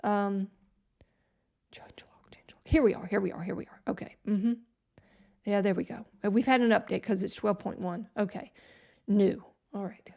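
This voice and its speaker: Woman host, gravelly, sarcastic, muttering to herself on a live stream. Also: mid-range voice, steady tone, moderate pace, mellow. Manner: sarcastic, exasperated, talks to herself. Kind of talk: casual live stream chat.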